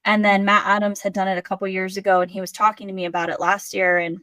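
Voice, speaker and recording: A woman's voice: mid-range voice, level tone, fast, a bit bright, dry recording. A young adult woman hosting a podcast, talking casually with frequent laughs and lots of "like". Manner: chatty, laughs often, says "like" a lot. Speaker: podcast host. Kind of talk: casual chat.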